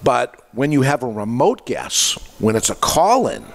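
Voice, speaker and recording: A man's voice: medium pitch, very animated, a little slow, creaky. A man hosting a podcast, giving an instructional talk in an explanatory way with frequent restarts mid-phrase. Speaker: podcast host. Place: podcast studio.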